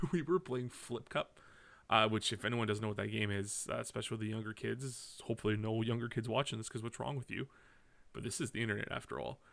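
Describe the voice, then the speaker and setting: A man's voice: on the low side, brisk, vocal fry, fairly bright tone. Rambling Canadian man telling stories. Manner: rambling, self-correcting, swears casually. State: drinking while talking. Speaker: podcast host. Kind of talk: casual solo podcast storytelling.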